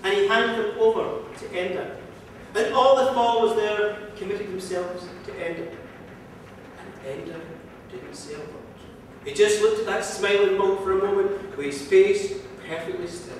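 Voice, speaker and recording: A man spins an old folk tale with a lilting, rhythmic telling. His voice sits high for a man and rings out in a museum hall with a long echo, picked up from far back. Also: moderate pace, a little hiss or hum. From Ireland. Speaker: storyteller. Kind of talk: live folk storytelling.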